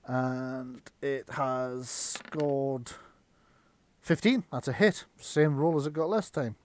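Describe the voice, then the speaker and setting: A man's voice: medium pitch, darkish tone, slight background noise. Man running a tabletop game. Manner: chatty, laughs often, slips into quick character voices. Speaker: game master.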